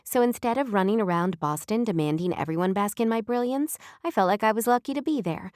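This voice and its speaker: Woman voicing a calm wise woman mentor. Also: mid-range voice, fairly quick, no room sound, clean studio sound, lightly acted. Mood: earnest.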